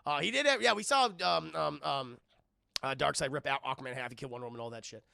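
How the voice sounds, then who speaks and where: A man reviewing a film on a live stream, talking to his chat in an animated, profane way. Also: fairly high pitch, quick pace, gravelly, no echo, studio quality. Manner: animated, profane, laughs often, talks to chat.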